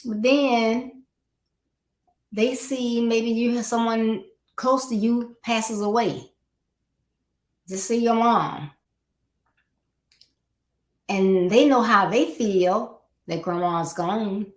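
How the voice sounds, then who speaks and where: A woman's voice: fairly high pitch, drawn-out words, pauses often. Woman, podcast host, earnest motivational talk, rhetorical questions, echoey room. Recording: roomy echo.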